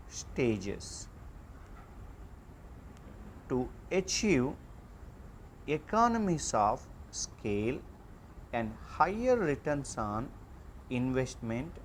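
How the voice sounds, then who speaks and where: A man giving an online class lecture, reading out slide points in a slow, halting way with frequent fillers. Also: mid-range voice, a little hiss or hum.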